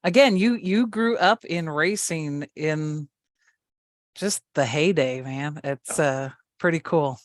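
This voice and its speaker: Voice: medium pitch, takes it slowly, no echo, clean studio sound. A podcast host in casual chat, reacting to a guest's stories with enthusiastic admiration.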